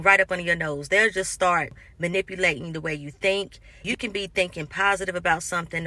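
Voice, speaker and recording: A woman vlogger in a casual motivational monologue, speaking emphatically and acting out what other people say. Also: lowish voice. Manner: emphatic, acts out quoted people in animated asides.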